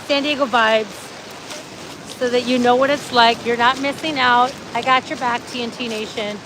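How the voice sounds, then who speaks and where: Upbeat lady vlogging live on a beach walk, higher voice, loud surf noise behind. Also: steady tone, moderate pace. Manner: chatty, upbeat, addresses viewers directly. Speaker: livestream host. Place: outdoors on a beach. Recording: outdoor phone audio with loud surf noise. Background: surf and wind noise.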